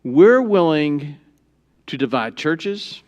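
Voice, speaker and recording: A man with a high-pitched voice preaches a sermon from a church pulpit. He talks to the congregation in a joking, conversational way, then climbs to loud, emphatic peaks before dropping back to quiet asides. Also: sing-song, slow. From Texas. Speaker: pastor. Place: church sanctuary.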